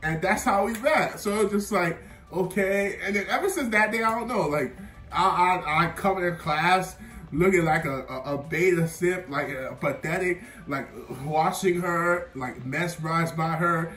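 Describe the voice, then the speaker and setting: Young male vlogger with a high voice, rambling and self-mocking, recorded in an echoey room away from the mic with faint music. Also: unhurried, a bit bright. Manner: rambling, filler-heavy, laughing at himself. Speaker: vlogger telling a personal story. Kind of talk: casual storytime monologue. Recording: roomy sound, mic at a distance, faint music.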